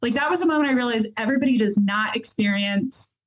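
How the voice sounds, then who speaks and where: Calm woman on a video call. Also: a little high, fast talker, low-quality recording. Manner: thoughtful, calm, with soft laughs and "um"s. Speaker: guest therapist. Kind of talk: interview answer.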